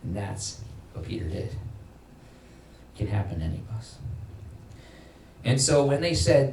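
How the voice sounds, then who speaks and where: A man preaching a sermon as pastor, emphatic, climbing in pitch and loudness to stress his points and acting out quoted voices. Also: very animated, measured pace, long pauses. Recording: echoey hall from far off, faint noise.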